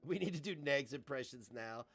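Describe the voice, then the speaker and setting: A man's voice: medium pitch, animated, moderate pace, a bit bright, husky, faint music behind. A man live-streaming, chatting loosely with viewers, joking and laughing often as he reads chat aloud.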